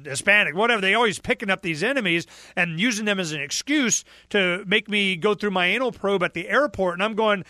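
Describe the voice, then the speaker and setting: A man in animated political talk, emphatic and storytelling, acting out the people he quotes. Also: sits high, a little fast, few pauses, no echo, clean studio sound.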